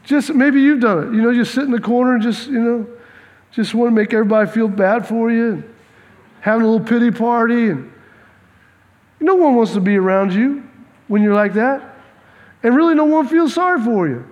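High-voiced pastor preaching, animated, lots of repeats, hall echo. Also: male voice, brisk, pauses often, highs cut off. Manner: animated, repeats words, acts out dialogue. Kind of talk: sermon. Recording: long reverb of a large hall.

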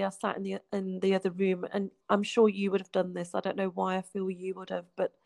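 A woman's voice: mid-range voice, completely flat delivery, fairly quick, creaky, dry recording. Heartfelt woman in her forties. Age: 40s. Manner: heartfelt, often dropping to a soft hush. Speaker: guest sharing her life story. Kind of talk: emotional personal storytelling.

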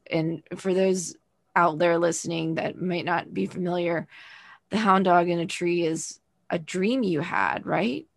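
Woman, podcast host, from the US South, low gravelly voice, slow, earnest, dry close sound. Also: no room sound. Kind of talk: casual interview chat.

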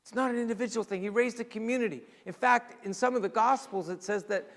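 Male pastor, sermon, high voice, storytelling with hushed dramatic drops, echoing hall. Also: quick pace. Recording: long reverb in a large hall.

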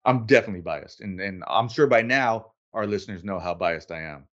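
A man hosting a casual podcast, relaxed and self-deprecating, laughing easily as he chats. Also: fairly low pitch, a little fast, muffled recording. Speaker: podcast host. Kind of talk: casual chat.

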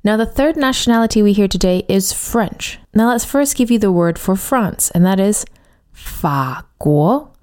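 Mellow-voiced woman teaching a language. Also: mid-range voice, expressive. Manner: clear explaining, says example words slowly. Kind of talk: podcast language lesson.

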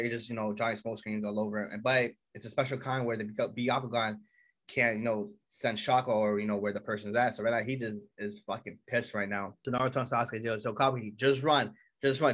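A man tearing through an anime episode recap at a rapid clip, his voice sitting at an ordinary middle pitch. He swears freely and jumps into the characters' lines as he retells each scene. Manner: excitable, swears a lot, acts out characters' lines.

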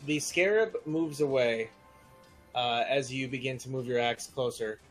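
A man narrating and refereeing a tabletop game in a loose, conversational way. His voice sits at an ordinary middle pitch, and he talks easily, dropping fillers as he goes. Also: measured pace, soft background music, low-quality recording. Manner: relaxed, chatty narration with fillers. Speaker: game master.

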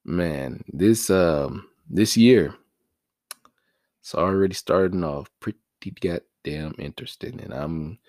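Animated low-voiced man ranting. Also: slow pace, dry recording, studio quality. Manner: profane, animated, jumps between loud high outbursts and low mutters. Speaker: vlog host. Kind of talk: casual ranting monologue.

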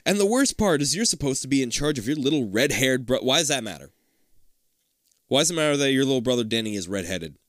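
A man's voice: mid-range voice, fast talker, dry recording. A man reads a children's story aloud with a lot of movement in his voice. He keeps breaking off into crude, joking asides. The sound is dry and close. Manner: animated, swearing, laughing asides. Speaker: podcast host reading a children's book aloud. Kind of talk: casual comedic reading and chat.

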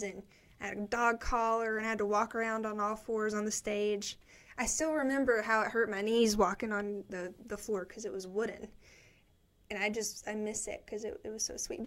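A young woman chats and rambles in a cheerful, upbeat way. Her voice sits a bit high, and she sounds a little out of breath as she reads comments from a studio cubicle. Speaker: live stream show host. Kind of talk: casual chat reading viewer comments.

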